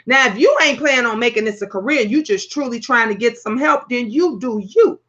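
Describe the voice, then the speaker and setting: A loud, brash woman hosts her own talk show, cursing freely as she tells animated stories. Her voice sits high and bright, and the audio is slightly muffled and lo-fi. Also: a little fast. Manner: brash, profane, animated storytelling. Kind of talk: casual vlog talk.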